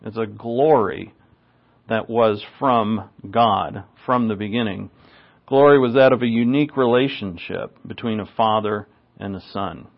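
A man teaching verse by verse from the Bible, stressing key words and often clearing his throat. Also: on the low side, a little slow. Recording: slightly dull lo-fi sound.

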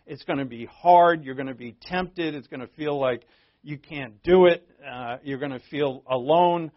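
A man's voice: fairly high pitch, moderate pace. A man preaching a sermon as pastor, talking in a conversational way and joking with the congregation. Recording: dull lo-fi recording.

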